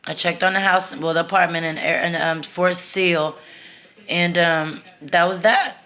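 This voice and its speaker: A woman's voice: fairly low pitch, fairly even intonation, a little slow, pushed and bright. A woman from Texas, telling a personal story to her phone in a candid, profane, rambling way. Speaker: storytime vlogger. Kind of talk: casual storytime monologue.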